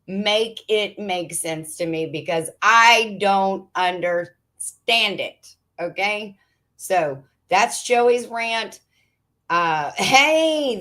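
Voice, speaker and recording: Casting: Pennsylvania woman, livestream host, lower voice, unhurried, exasperated chatty rants. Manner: animated, exasperated ranting with frequent laughs. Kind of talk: casual chat reading viewer comments.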